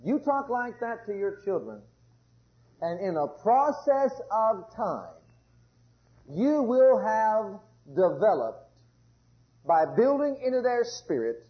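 A man preaching a sermon with fervor, going from loud exclamations down to low murmurs. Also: very animated, measured pace. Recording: muffled lo-fi sermon recording.

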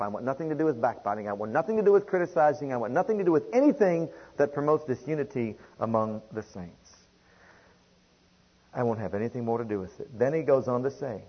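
A man preaching a sermon with a dynamic delivery, swinging from quiet to loud and repeating phrases for emphasis. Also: mid-range voice, breathy edge, muffled recording.

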